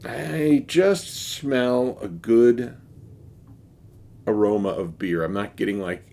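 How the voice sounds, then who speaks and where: A man's voice: on the low side, takes it slowly, gravelly, dark tone. A man casually reviewing a beer for his vlog, rambling and wry, with many fillers and restarts.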